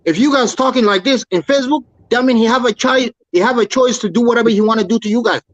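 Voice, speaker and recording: A man's voice: very high-pitched, fast talker, dry recording, dull audio. A man calling in to a talk show, speaking in a heated, preachy, repetitive way. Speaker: caller. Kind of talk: impassioned call-in rant.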